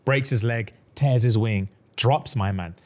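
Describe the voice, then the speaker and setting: A man's voice: medium pitch, a little slow, darkish tone. A man co-hosting a podcast, telling a fantasy plot in casual chat and acting out the characters' lines with heavy slang. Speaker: podcast co-host.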